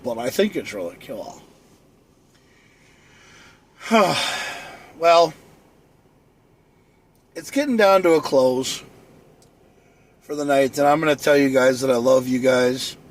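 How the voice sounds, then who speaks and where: A man rambling and joking alone on a late-night live stream, in a boastful, easygoing way. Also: mid-range voice.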